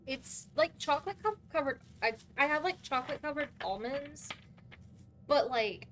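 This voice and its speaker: A woman's voice: high-pitched, expressive, normal speed, fairly bright tone, a little hiss or hum. A woman streaming a game, chatting casually, flustered and swearing as she talks. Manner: swearing, flustered, laughing often.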